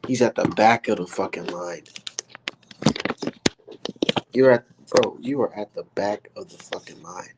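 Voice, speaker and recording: A man's voice: on the low side, normal speed, very noisy. A man giving a heated, profanity-filled boxing rant on his vlog. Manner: heated, animated, swears constantly. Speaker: boxing vlogger. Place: indoors, maybe art studio.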